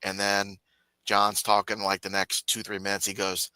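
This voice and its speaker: A man's voice: fairly low pitch, normal speed, clear, resonant tone, no echo. A man in casual chat on a live stream, telling stories and mimicking others. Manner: animated storytelling, mimics others in raised voice.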